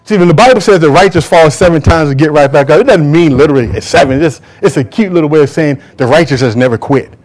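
A man's voice: on the high side, quick pace, hardly any pauses, a little mellow. A man preaching a sermon to a church congregation, emphatic and drawing call-and-response from the crowd. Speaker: pastor.

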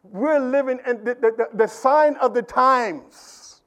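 Pastor guy with a really high voice preaching in church, gets loud and emphatic, keeps asking the crowd if they hear him. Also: animated, a little slow. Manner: rising into emphatic preaching with repeated calls to the congregation. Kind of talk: sermon.

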